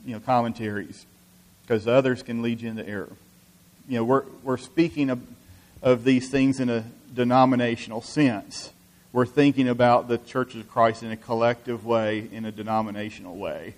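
Male preacher, sermon delivery, earnest and halting, average pitch. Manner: earnest, many restarts and "you know" fillers.

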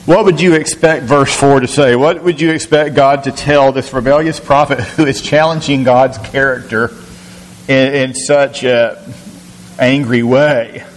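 A man's voice: mid-range voice, steady tone, unhurried, in a large hall, poor audio. A man teaching a recorded Bible lesson in an earnest, questioning way, often repeating words as he thinks.

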